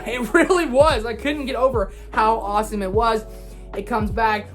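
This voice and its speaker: A woman reviews a film with all spoilers, talking in a rush of hyped, gushing enthusiasm. She speaks casually, with slang and the odd swear word, and her pitch sits in a middle range. Faint music plays softly behind her. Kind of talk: excited spoiler movie review.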